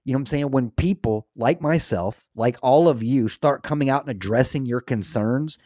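A man hosting a casual religious talk show, speaking with earnest, excitable preaching energy. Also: medium pitch, normal speed, no echo, studio quality. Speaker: host.

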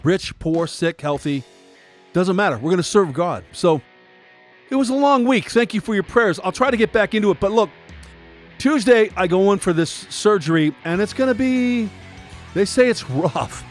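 A middle-aged man hosting a Christian devotional podcast, talking earnestly in a preachy way and building up to shouted rhetorical questions. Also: sits high, animated, normal speed, faint music behind. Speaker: podcast host.

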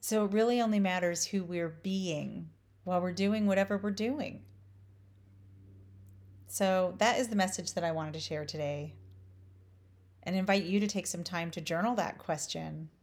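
A woman teaching on spirituality, asking slow, emphatic rhetorical questions. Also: fairly low pitch, darkish tone. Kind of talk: inspirational spiritual talk.

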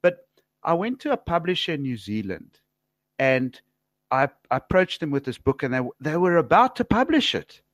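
A man from Africa, hosting a podcast interview and telling stories in a chatty, slangy, animated way. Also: on the high side, moderate pace, no room sound. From South Africa. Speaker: podcast host. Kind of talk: casual interview chat.

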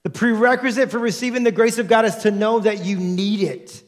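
A man preaching a sermon as a pastor, animated and acting out the people he quotes. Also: high voice, brisk. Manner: animated, acts out quoted voices in his preaching.

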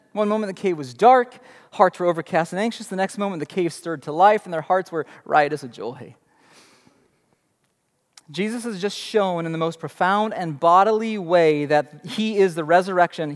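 A young adult man preaching a sermon, telling the story dramatically with emphatic rhetorical questions. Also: high voice. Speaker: pastor. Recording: long reverb in a large hall.

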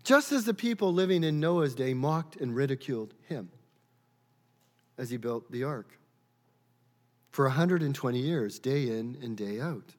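A man's voice: medium pitch, lively intonation, measured pace, long pauses, a little mellow. A man preaching a sermon in an earnest, questioning way, often stumbling and repeating words as he thinks aloud. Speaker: pastor. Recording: long reverb of a large hall.

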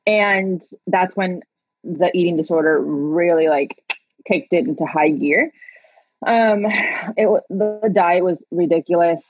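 A woman in her thirties with a husky, breathy voice, talking freely as an interview guest and recounting her past in a loose, chatty manner full of fillers. The sound is dry and close, a little dull and lo-fi. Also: on the low side, fairly even intonation, measured pace, no echo. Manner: chatty, laughs often, many fillers. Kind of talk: personal storytelling in conversation.

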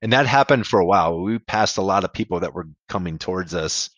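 A man with a low voice tells his story in a loose, candid way. He rambles a little and swears casually. The sound is dry and close. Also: lively intonation, fast talker, fairly bright tone, dry recording. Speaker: podcast guest, amateur ultrarunner.

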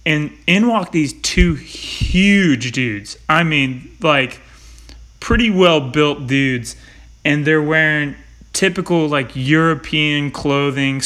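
A man in his thirties spins a rowdy anecdote, cursing freely and laughing along. His voice is bright and forward, sitting slightly high. He talks like he is chatting with an old buddy. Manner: swears a lot, tells stories with laughs. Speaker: podcast host. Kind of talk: casual chat.

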